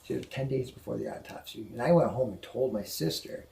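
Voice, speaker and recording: A man with a gravelly voice tells an emotional story from his own life, stumbling and repeating words as it weighs on him. He sits indoors, speaking in an ordinary middle register. A faint hiss of noise sits behind him. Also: mid-range voice. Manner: halting, restarts and repeats when upset. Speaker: guest telling a personal story. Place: indoors at a house museum.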